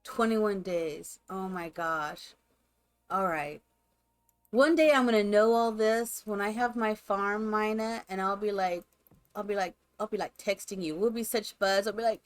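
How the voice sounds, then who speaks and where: A woman's voice: medium pitch, a little slow, clear, resonant tone. A woman live streamer chatting casually and rambling to her viewers while she builds in a game. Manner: chatty, rambling, talks to chat.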